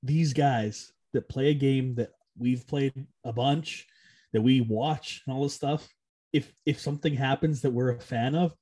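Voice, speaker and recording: A young man co-hosting a sports podcast, chatting casually and excitably, laughing often. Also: medium pitch, a little slow, breathy edge. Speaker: podcast co-host. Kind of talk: casual chat.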